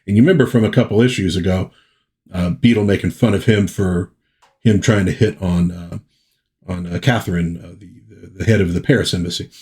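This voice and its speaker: A low, husky male voice talking through an old comic issue page by page. He rambles, stops to fix his own slips, and keeps the tone of a relaxed home video review. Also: fairly quick. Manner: rambling, self-correcting. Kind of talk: casual comic review vlog.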